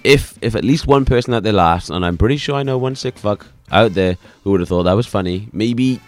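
A man's voice: on the low side, fairly quick, faint music behind. A man co-hosting a podcast, trading teasing, joking banter. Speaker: podcast co-host. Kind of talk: casual podcast chat.

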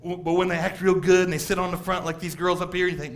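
A middle-aged man preaching a sermon as pastor, animated, laughing and acting out quotes from people. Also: sits high, a little fast.

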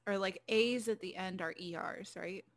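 A woman's voice: mid-range voice, moderate pace. Blunt woman in casual chat.

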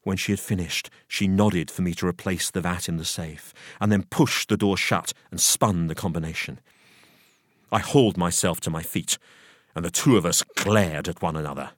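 A man narrating a first-person tale in an expressive, animated storytelling manner. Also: deep voice, moderate pace, dry recording, clean studio sound. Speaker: audiobook narrator.

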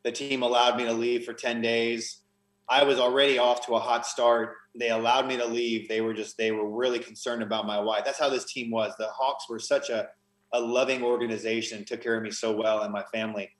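A man's voice: medium pitch, level tone, fairly quick, echoey room, poor audio. A man, a podcast guest, telling his story in an earnest, emotional conversational way, often restarting his sentences. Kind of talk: conversational testimony.

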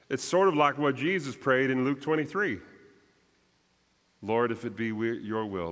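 A man preaching a sermon as pastor, measured and deliberate, his voice rising for emphasis and sinking soft at the ends of lines. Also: medium pitch, lively intonation, big-room sound.

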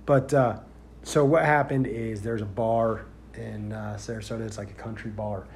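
A man who works as a deputy, telling a story in a casual, rambling way with many fillers and growing loud and animated as he goes. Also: on the low side, moderate pace, slight background noise. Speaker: sheriff's deputy.

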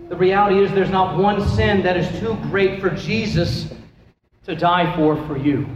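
A high-voiced man leads a Bible class as its pastor, chatty and joking, throwing questions out to the room. He is picked up in a big echoey hall with a long reverb tail. The sound is dull and lo-fi, with a faint hiss underneath. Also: darkish tone. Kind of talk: casual Bible class teaching.

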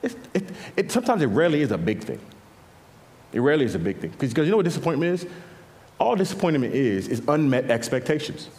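A man preaching a sermon as pastor, swinging between quiet intimate passages and louder emphatic lines, often repeating words as he builds a point. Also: fairly high pitch, quick pace. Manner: animated preaching, drops to quiet intimate tones and rises for emphasis. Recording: long reverb of a large hall.

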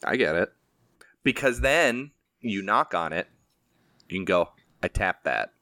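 A man's voice: fairly low pitch, expressive, unhurried, bright, forceful tone, no room sound, clean studio sound. A man co-hosting a podcast in casual chat, rambling and joking at his own expense. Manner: rambling, self-deprecating, joking. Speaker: podcast co-host.

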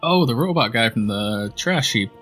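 A man's voice: medium pitch, expressive, moderate pace, fairly bright tone, soft background music. A man co-hosting a podcast, bantering and laughing through a movie watch-along. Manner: joking, laughs often, teasing. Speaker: podcast co-host.

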